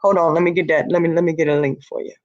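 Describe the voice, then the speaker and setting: A woman's voice: low-pitched, steady tone, rapid-fire, dull audio. A tired woman hosting a casual livestream, talking bluntly and answering her chat as she goes. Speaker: livestream host. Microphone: laptop or webcam.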